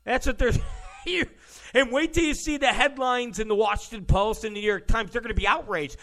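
A man's voice: extremely high pitch, a little fast, pushed and bright. A man hosting ranting political commentary, sarcastic and mocking, who mimics opponents in exaggerated voices.

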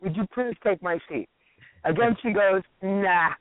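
A man's voice: high-pitched, normal speed, no echo. A man co-hosting a radio talk show, telling stories animatedly, swearing and acting out other people's lines. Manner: animated, profane, acts out quotes. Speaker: radio co-host. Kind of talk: casual storytelling chat. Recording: tinny phone-like radio audio.

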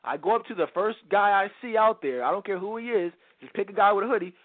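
A man with a fairly high voice hosts a talk radio show, holding forth in a blunt, slang-heavy monologue aimed at his listeners. The sound is dry and narrow, like a phone line. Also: fast talker, no echo.

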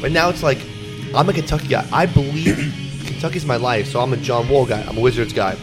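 A man hosts a casual podcast from a bar, rattling off thoughts at a rapid clip. His voice sits mid-range and he rambles from one tangent to the next, with music playing behind him. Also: medium pitch, fairly even intonation. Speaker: podcast host. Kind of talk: casual chat.

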